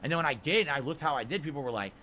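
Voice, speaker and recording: A man with a high-pitched voice answering criticism in a clip, defensive and full of rhetorical questions. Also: lively intonation, very fast, bright, forceful tone, a little hiss or hum. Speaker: streamer in a played clip. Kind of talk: defensive monologue to camera.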